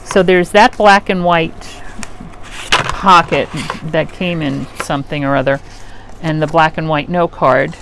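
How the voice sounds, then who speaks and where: A woman's voice: low voice, steady tone, measured pace, fairly bright tone. A middle-aged woman hosting a craft channel, chatting casually and rambling as she works at home, often trailing off mid-sentence. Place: home craft room with an air conditioner running. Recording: faint air conditioner hum behind.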